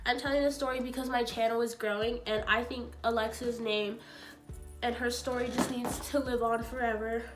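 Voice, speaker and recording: With music in the background, a young woman speaks at a moderate pace in a fairly high, steady voice as she tells a painful story on her vlog. She's crying and her voice cracks; she rambles, uses "like" heavily and acts out quoted dialogue in this emotional storytime.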